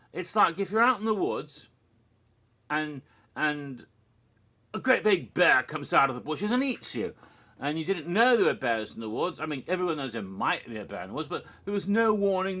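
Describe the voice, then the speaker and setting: A man ranting in exasperation about a horror film, swearing and breaking into loud bursts. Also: on the high side. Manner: exasperated, profane, shouts in bursts. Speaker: horror vlogger. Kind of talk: ranting commentary.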